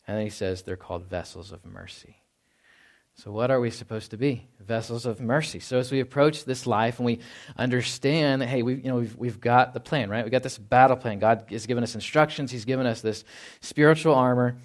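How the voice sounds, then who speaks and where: A middle-aged man from Texas preaching a sermon in a conversational way, often asking "right?" and acting out quoted lines in a low, quiet voice. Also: moderate pace. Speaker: pastor.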